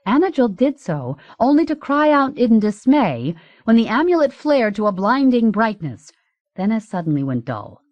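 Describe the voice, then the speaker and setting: A woman narrating an audiobook in a measured, even reading. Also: mid-range voice, dry recording, highs cut off.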